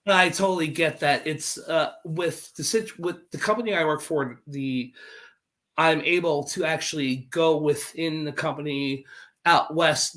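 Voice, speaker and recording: A man's voice: fairly high pitch, a bit bright. A man with a slight New York accent, chatting as a guest on a stream in a friendly, meandering way. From Brooklyn, New York. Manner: meandering, friendly, restarts his thoughts. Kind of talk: casual chat.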